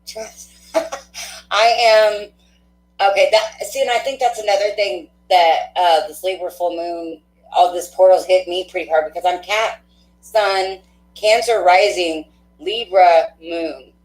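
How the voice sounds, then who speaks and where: A woman hosting a spiritual card-reading livestream, chatting warmly and laughing often, with a stuffy nose. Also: fairly low pitch, slow pace. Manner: affectionate, chatty, laughs often, many fillers. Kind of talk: casual livestream sign-off chat. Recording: echoey room.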